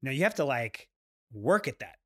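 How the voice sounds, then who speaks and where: A man from New York co-hosting a casual podcast, animated and quick to get riled up. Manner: animated, jumps up in pitch when riled up. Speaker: podcast co-host. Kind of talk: casual chat.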